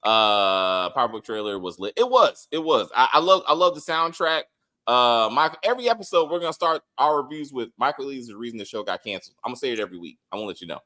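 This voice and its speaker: A man hosting a casual TV review chat, excitable and loose, swearing freely and filling pauses with "uh". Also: medium pitch. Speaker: show host.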